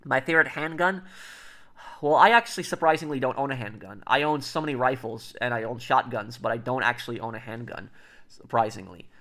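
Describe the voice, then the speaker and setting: A man talks quickly and casually to his live stream viewers, his voice sitting at an ordinary middle pitch. He rambles, with frequent fillers and restarted sentences. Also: bright, forceful tone. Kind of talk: casual livestream chat.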